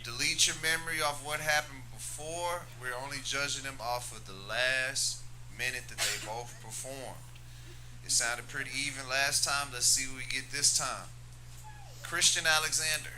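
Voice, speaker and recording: A man's voice: mid-range voice, fairly even intonation, moderate pace. A man with a Southern US accent hosting a live stand-up competition on a comedy club stage, brash and hyping the crowd. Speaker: comedy show host. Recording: noisy live club room.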